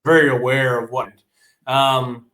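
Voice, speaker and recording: A man's voice: mid-range voice, fairly even intonation, measured pace, a bit bright. Blunt, laughing man in a roomy space. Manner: blunt, frustrated, laughs often. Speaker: podcast co-host. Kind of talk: casual sports chat.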